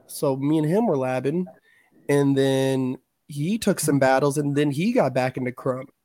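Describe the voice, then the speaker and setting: A man's voice: mid-range voice, a little slow, dark tone, no echo, clean studio sound. A man in casual chat, telling stories loosely with slang and plenty of swearing. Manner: loose, profane storytelling with slang.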